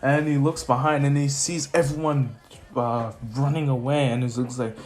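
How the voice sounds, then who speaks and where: A man's voice: medium pitch, fairly even intonation, normal speed. A man improvising a fan-fiction story with rambling, casual narration full of restarts. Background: faint lofi music.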